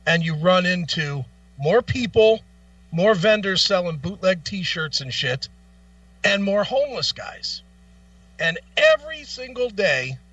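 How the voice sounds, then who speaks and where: Man, co-host, casual profane storytelling, bright lively voice, a bit off-mic. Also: sits high, distant mic, muffled recording. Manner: profane, animated anecdote telling.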